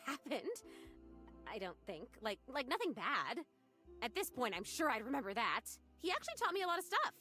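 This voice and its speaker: A sweet, trusting young ghost girl for a video game gushes in a high, bright voice that swoops up and down. She sounds breathless with wonder.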